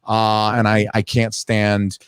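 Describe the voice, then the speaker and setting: Deadpan low-voiced New Hampshire man. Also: slow, smooth, dry recording. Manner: deadpan, blunt, crude. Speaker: podcast co-host. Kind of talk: casual crude banter.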